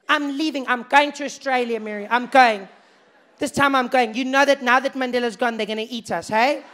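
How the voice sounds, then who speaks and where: Man voicing a whiny, fretful suburbanite, South African accent, shrill and dramatic. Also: fairly even intonation, a little fast, sharp tone. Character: fretful gossiping suburbanite threatening to emigrate.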